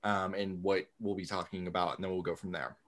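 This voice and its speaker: A man's voice: deep voice, flat delivery, fairly quick, fairly bright tone, no echo. A man hosting his own podcast in a bubbly, jokey, rambling way, giggling often. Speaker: podcast host. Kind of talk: casual upbeat podcast chat.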